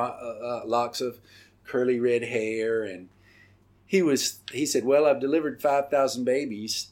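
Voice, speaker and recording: A middle-aged podcast host recounts his personal testimony at a medium pitch, speaking earnestly yet haltingly with lots of pauses and filler words.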